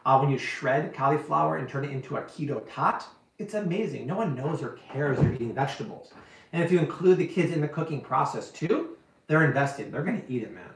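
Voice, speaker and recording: A man with a fairly high voice hosts a live cooking stream from his kitchen. He answers viewer questions in a casual, slangy and emphatic way. The room gives his voice a clear echo. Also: animated, fairly quick. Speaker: cooking show host.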